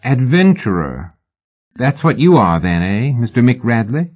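A man voicing a sharp-tongued young Victorian woman in a raised, pert voice. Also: medium pitch, very animated, measured pace, slightly rough. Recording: phone-like narrow band.

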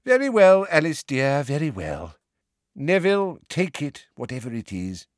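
Man putting on a high, lofty old grandmother, imperious, brisk, falsely cheery, very dry close sound. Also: sing-song, no echo, natural voice. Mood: weary. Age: older. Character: stern elderly grandmother, proud and imperious.

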